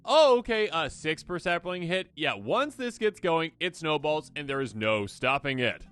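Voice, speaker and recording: A man hosting a card game video, talking casually and excitably, slipping into quick imagined voices. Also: fairly high pitch, smooth. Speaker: host.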